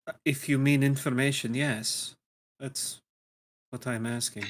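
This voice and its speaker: A man's voice: medium pitch, steady tone, unhurried. A man playing a tabletop role-playing game, speaking hesitantly and stumbling over words as he questions. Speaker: player.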